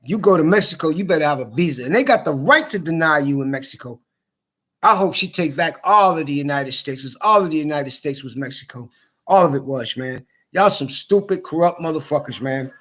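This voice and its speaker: Fed-up middle-aged guy ranting, keeps swearing and stumbling over his words, voice a bit high. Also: expressive, a little fast. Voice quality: swears a lot, repeats himself, stammers. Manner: agitated, swings from loud outbursts to tired mutters. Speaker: vlogger. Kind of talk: angry rambling monologue.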